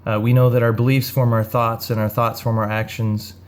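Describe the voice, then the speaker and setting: Earnest guy sharing a devotional, gentle and unhurried, middling voice. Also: mid-range voice, flat delivery. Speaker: minister. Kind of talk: devotional talk with storytelling.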